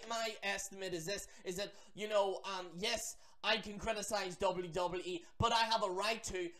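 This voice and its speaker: A man rants to his camera about wrestling fans. He is animated and profane, tossing in mocking asides and quick restarts. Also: high voice. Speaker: wrestling vlogger. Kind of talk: ranting commentary.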